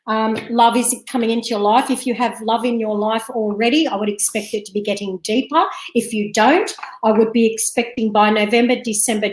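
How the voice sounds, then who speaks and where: Woman, psychic reading host, chatty, giggly, slightly high voice, echoey room. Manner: chatty, giggly, addresses viewers as love and darling. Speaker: psychic reader hosting a live show. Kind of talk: live psychic tarot reading.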